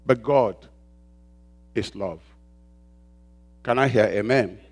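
A man preaching a sermon as pastor, calling out questions for the congregation to answer and slowing down to stress key words. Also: fairly low pitch. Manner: call-and-response preaching, prompting the congregation with "what?"; rises and presses louder on key points, slows on emphasized words.

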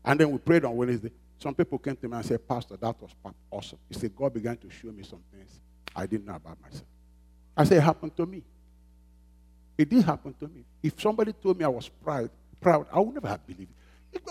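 Lively, animated male pastor preaching. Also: medium pitch, husky. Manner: call-and-response questions to the congregation; emphatic, repeats phrases. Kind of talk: sermon.

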